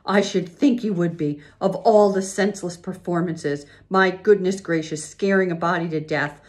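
A woman's voice: animated, slow, mellow. A woman voicing a frightened, scolding pioneer mother while reading a storybook aloud. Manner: pleading then scolding, high and strained.

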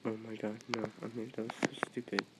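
A man commenting on his own gameplay as he plays, excitable, yelping at other players one moment and muttering to himself the next. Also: fairly low pitch, fast, very noisy. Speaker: gaming video creator.

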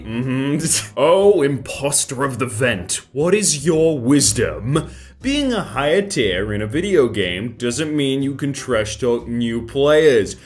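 A man in his thirties doing casual meme commentary, reading captions aloud, then joking and laughing often. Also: medium pitch. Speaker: meme reaction host.

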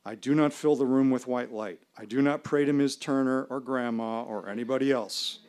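A man performing a first-person story live on stage, in a measured, dramatic delivery with pauses. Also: medium pitch, a little mellow. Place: small live venue.

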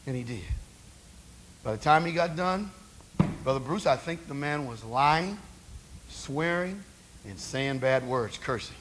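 A man's voice: mid-range voice, lively intonation, a little slow, long pauses, fairly bright tone, a little hiss or hum. A male preacher giving a conversational sermon, asking rhetorical questions of the congregation.

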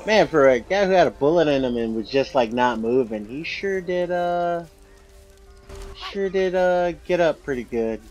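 A man's voice: fairly high pitch, expressive, normal speed, darkish tone. A man doing let's play commentary, reading game text aloud and musing with fillers. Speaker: gamer. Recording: dull lo-fi audio with game music.

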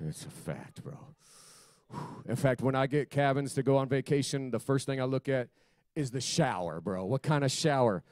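A man preaching at a youth church service, fervent and emphatic, swinging from loud exclamations to quiet, hushed asides. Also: mid-range voice, animated, normal speed, dry recording. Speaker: youth pastor. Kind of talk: sermon.

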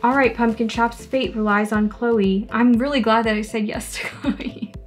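A young woman, a gaming YouTuber, reads a story game aloud while cracking sarcastic, playful jokes and voicing the characters quickly. Her voice is on the high side with a steady tone, over soft background music.

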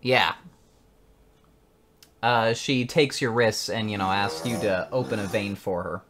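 A man narrating as game master of a tabletop game, unhurried and often laughing. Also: on the low side, background noise.

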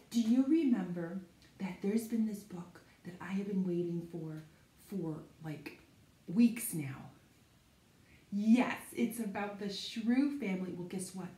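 Woman librarian for kids' storytime, sing-song and excited, talks slowly in an echoey room. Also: mid-range voice. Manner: excited, sing-song talk to children and a puppet. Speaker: children's librarian. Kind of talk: children's storytime reading. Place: public library.

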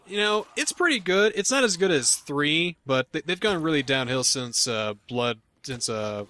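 A man's voice: a little high, animated, moderate pace, hardly any pauses, pushed and bright. A young man co-commentating a game, rambling and laughing easily. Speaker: let's play co-commentator. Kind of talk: casual gameplay commentary.

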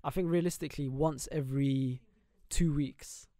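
A young man chatting on a podcast, quick and joking as he rambles. His voice sits a little high. The sound is close and dry. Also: fairly even intonation, warm tone, no echo. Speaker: podcast co-host. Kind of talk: casual chat.

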